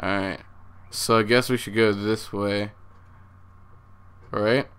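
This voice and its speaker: A man's voice: lowish voice, fairly even intonation, slow, fairly bright tone, clean tone. A young man hosting a horror game playthrough, jumpy and swearing a lot as he talks to his viewers. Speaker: gaming channel host.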